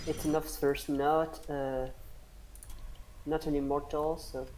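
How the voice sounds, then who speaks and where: A woman co-commentating a live strategy game with short, low-key remarks over a faint noise floor. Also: level tone, takes it slowly, dark tone, low-quality recording. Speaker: esports co-caster.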